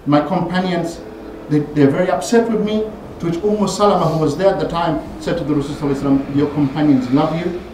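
Guy giving a sermon in a big mosque hall, lots of echo, faint room hum, gets loud and high when quoting people. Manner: animated storytelling, voices quoted figures with rising pitch and force. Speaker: imam giving Friday sermon. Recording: very echoey hall, voice from far off.

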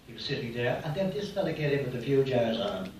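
A man's voice: mid-range voice, sing-song, fast talker, a little hiss or hum. A man, a comedian, telling jokes live on stage in a rambling, storytelling way. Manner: rambling storyteller, doing small voices for characters. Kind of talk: live stand-up joke telling. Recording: echoey live hall, distant mic.

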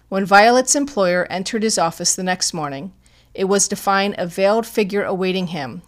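A woman narrating a classic detective story as an audiobook, in a measured, even reading. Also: mid-range voice.

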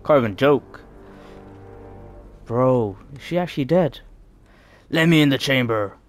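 A man's voice: mid-range voice, expressive, unhurried, faint music behind. A man giving joking, mock-dramatic let's play commentary. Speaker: gaming YouTuber.

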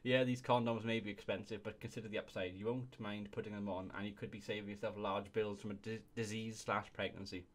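Talking fast with few pauses, this young male host has a fairly low voice and a flat delivery. He reads reviews aloud in a casual comedy video, giggling and often bursting into laughter.

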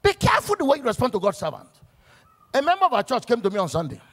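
A man's voice: very high-pitched, wildly swooping pitch, very fast, a bit bright. A man, a pastor preaching a sermon to church workers in a church, emphatic as he weaves stories and scripture quotes.

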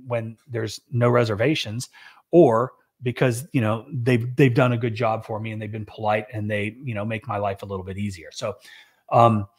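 A man's voice: lowish voice, fairly even intonation, moderate pace, a little mellow. A middle-aged man, a business owner, chatting casually on a show and rambling with lots of restarts and fillers. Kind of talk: casual chat.

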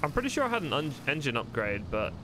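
A man's voice: a little high, huge pitch swings, fast, noisy background. A man streaming a role-play game, chatting casually and thinking aloud, often poking fun at himself. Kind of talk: casual commentary while playing.

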